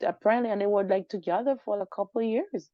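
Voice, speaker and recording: A woman's voice: medium pitch, fast, dry recording. A woman guest recounting a personal story in an interview, animatedly acting out the dialogue. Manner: animated, acts out quoted dialogue. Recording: dull lo-fi dry recording.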